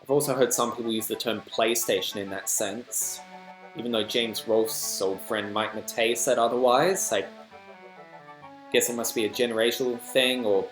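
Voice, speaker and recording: A man's voice: medium pitch, fairly even intonation, normal speed, a bit bright, soft background music. A man with an Australian accent, hosting a reaction video with chatty, rambling commentary and self-deprecating asides. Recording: echoey room.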